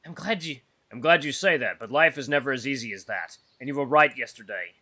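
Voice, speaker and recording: A man's voice: mid-range voice, fairly quick, pushed and bright. A man voicing a serious young male wolf heir as he reads a visual novel aloud, with an earnest, solemn delivery. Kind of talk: voiced visual novel reading.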